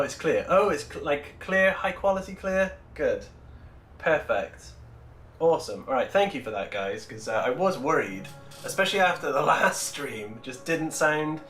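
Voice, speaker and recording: A rambling, chatty man with a fairly high voice hosts a relaxed livestream, thinking aloud and answering viewers as he works. His voice carries a roomy echo, with faint music running underneath. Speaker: miniature-painting livestreamer. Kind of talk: casual livestream chat. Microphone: Bluetooth microphone.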